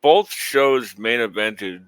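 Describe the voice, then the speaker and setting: A man's voice: mid-range voice, lively intonation, slow, clear, resonant tone, no echo. A man co-hosting a wrestling podcast, laid-back in casual chat, chiming in with short reactions.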